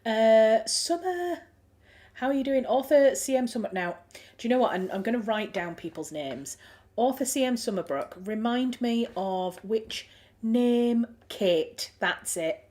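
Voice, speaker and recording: A woman's voice: fairly high pitch, expressive, measured pace, a little mellow. A woman with a Yorkshire accent hosting a writing livestream, chatting casually and reading out viewer comments with frequent ums and restarts. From Yorkshire, England. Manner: chatty, friendly, thinks aloud with many ums and restarts. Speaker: livestream host.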